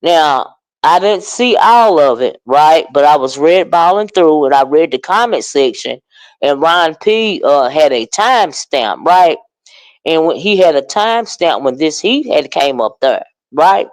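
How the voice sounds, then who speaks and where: A woman hosting a live stream, talking straight to her chat in a loose, gossipy way. Her pitch swings widely as she gets worked up, and she sprinkles in drawn-out "child" and "honey." The sound is dry and close, with no room around her. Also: no room sound, low-quality recording. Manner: chatty, animated, greets chat viewers by name. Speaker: livestream commentary host. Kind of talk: casual live-chat commentary.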